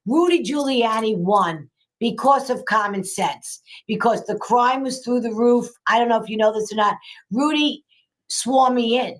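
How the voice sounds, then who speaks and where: A woman's voice: fairly high pitch, a little slow. Emphatic older New woman. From New York, USA. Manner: emphatic, repeats phrases for effect. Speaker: guest, local politician. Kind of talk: casual political chat.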